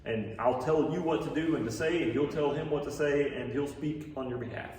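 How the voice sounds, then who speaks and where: A man's voice: a little high, fairly quick, a little mellow, a little hiss or hum, close to an everyday voice. A man voicing a firm, commanding God. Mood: impatient. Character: commanding male deity, firm and impatient. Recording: echoey hall from far off.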